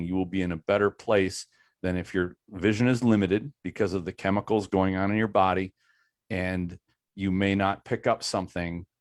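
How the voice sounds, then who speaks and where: Deep-voiced man coaching, measured and dry. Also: dry recording. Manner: measured, hedges advice as his own opinion. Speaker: combat coach on a panel. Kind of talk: panel discussion advice.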